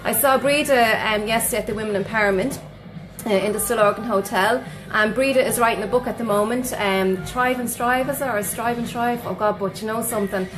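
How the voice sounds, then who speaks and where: A woman's voice: a little high, brisk, music in the background, low-quality recording. An Irish woman, a sleep coach, chatting as a guest on a live radio show, bubbly and effusive, laughing often. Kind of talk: chatty live interview with shout-outs to viewers.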